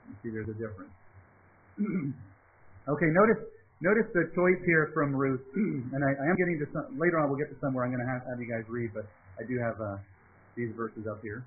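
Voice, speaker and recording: A man's voice: mid-range voice, fairly quick. A male pastor giving an interactive sermon, often asking his congregation questions. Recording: tinny phone-like sound.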